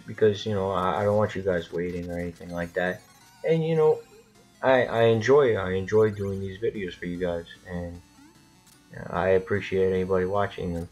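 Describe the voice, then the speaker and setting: A man rambling and swearing through casual gameplay commentary, with lots of restarts. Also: low voice. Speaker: gaming channel host.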